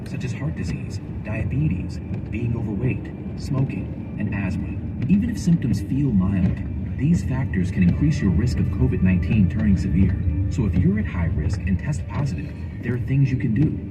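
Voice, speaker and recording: A man's voice: medium pitch, lively intonation, moderate pace, far from the mic, over loud music, rough recording. A man narrating a health ad in an earnest, personal tone. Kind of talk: scripted health ad. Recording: car radio heard from across the car.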